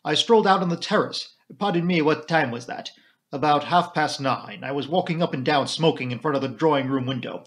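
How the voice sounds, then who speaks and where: A man voicing a gruff middle-aged army major who talks in clipped, terse phrases. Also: fairly high pitch, a little fast, fairly bright tone, natural voice. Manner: clipped, terse, drops sentence subjects.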